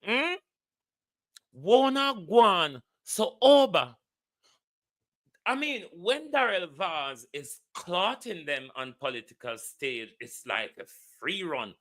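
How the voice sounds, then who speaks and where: A man's voice: sits high, sing-song, slow, a bit bright, no echo. A Jamaican man vlogging heated political commentary, ranting bluntly and swearing freely.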